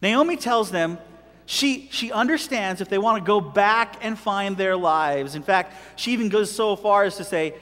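A man's voice: high-pitched, normal speed, a bit bright. A man preaching a sermon in a conversational way, retelling scripture and acting out its voices. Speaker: pastor. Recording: long hall reverb.

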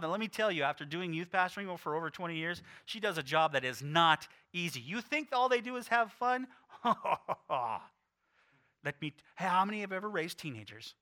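Animated, bright-voiced male pastor. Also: on the high side. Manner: animated, playful, acts out quotes. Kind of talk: sermon.

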